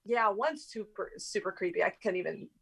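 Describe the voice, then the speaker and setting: A woman's voice: mid-range voice, animated, normal speed, gravelly, fairly bright tone, husky, low-quality recording. A young adult woman, a guest actress, chatting casually in an interview with lots of fillers and laughs.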